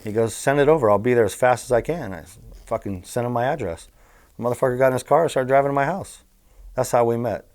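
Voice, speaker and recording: A fast talker with a medium-pitched voice, he's a middle-aged former bookmaker from Southern California sitting in as an interview guest. His casual stories come out blunt, profane, and animated.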